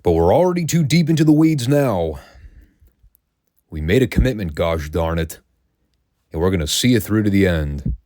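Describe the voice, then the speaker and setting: A man's voice: low voice, expressive, normal speed, long pauses, mellow, no room sound, studio quality. A man hosting a review podcast, ranting in a sarcastic, profane way. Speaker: podcast host reviewing wrestling.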